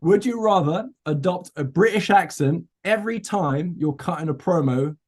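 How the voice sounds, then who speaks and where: A man hosting a podcast, firing off quick joking questions at his guest in a teasing manner. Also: a little high, a little mellow. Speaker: podcast host. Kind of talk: casual comedic interview.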